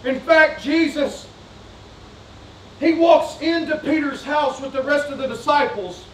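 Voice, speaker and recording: A man's voice: extremely high pitch, unhurried, a little hiss or hum. A male pastor preaching a sermon, fervent and repetitive, putting questions to his congregation. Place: church sanctuary. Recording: roomy sanctuary sound, distant mic.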